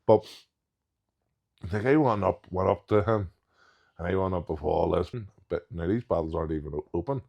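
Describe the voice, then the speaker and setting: Low-voiced strongman. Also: normal speed, creaky, long pauses, highs cut off. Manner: frank and matter-of-fact, laughs easily. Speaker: professional strongman guest. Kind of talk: casual chat.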